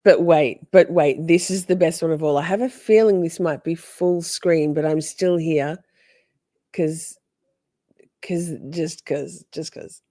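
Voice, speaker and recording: A woman hosting a casual stream, chatting with viewers in an animated, playful, mock-dramatic way. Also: low voice, a little slow, no echo. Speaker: livestream host. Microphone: phone.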